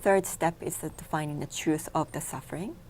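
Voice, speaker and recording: Low-voiced Japanese woman explaining meditation steps. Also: a little fast, a little mellow, a little hiss or hum. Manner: explains in numbered steps, simple non-native grammar. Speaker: meditation instructor, guest. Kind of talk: TV interview, explaining. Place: local TV studio.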